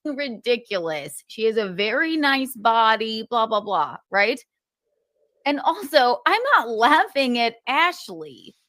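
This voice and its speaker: A woman's voice: fairly high pitch, big pitch swings, slow pace, fairly bright tone, dry recording, clean studio sound. Exasperated, foul-mouthed woman streamer. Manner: exasperated, swears often. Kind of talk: casual defensive monologue.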